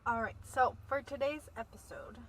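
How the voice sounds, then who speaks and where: A woman co-hosting a casual podcast, her voice sitting a bit high. She laughs a lot while nudging the talk back on track, with a faint hiss behind her. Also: normal speed, fairly bright tone. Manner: laughing while trying to keep the show on track. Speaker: podcast co-host. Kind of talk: casual chat.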